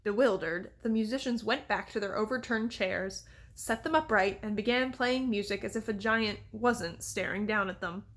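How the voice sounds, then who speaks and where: A woman reading a children's fantasy novel aloud in a steady, even storytelling manner. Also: mid-range voice, moderate pace, hardly any pauses. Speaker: reader. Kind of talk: audiobook reading.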